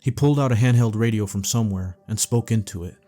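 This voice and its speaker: A man calmly narrating a first-person dream story for sleeping, in a steady, low-key way. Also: fast talker. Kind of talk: calm bedtime story reading. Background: faint background music.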